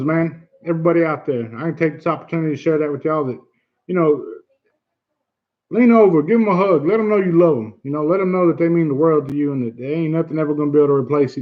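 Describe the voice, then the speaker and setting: A man's voice: fairly high pitch, fast, narrow, tinny audio. A man hosting a casual livestream chat, earnest and blunt, who swears easily and repeats himself for emphasis. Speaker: livestream host.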